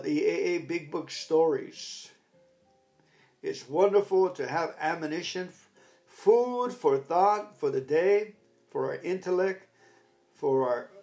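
Older man telling a rambling story. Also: a little high. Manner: rambling storyteller, bursts into loud commands when retelling. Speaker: recovery talk speaker. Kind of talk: casual spoken reflection.

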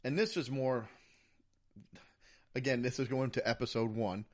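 A man co-hosting a podcast in casual chat, animated and mocking, dropping into impressions now and then. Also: medium pitch, measured pace. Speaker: podcast co-host.

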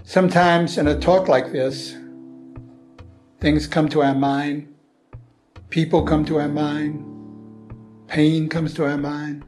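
A man's voice: a little high, flat delivery, slow pace, long pauses, darkish tone, soft background music. A man giving an earnest, prayerful sermon-style teaching, asking rhetorical questions. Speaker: Christian teacher.

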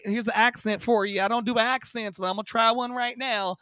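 A man in his thirties from Virginia with a bright, forceful voice, telling his story as a podcast guest. He is dramatic and animated, and he swears freely. The sound is dry and close. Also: high-pitched, normal speed, no echo. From Virginia, USA. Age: 30s. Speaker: podcast guest, Broadway singer. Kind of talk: storytelling interview.

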